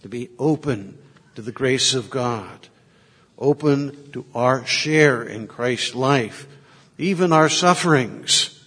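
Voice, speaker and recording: A man's voice: medium pitch, slow, a bit bright, husky, big-room sound. A man, a Catholic priest, giving a sermon, reflective in manner and telling stories from his ministry. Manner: reflective storytelling, moving in and out of quoted voices. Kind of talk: sermon with anecdotes.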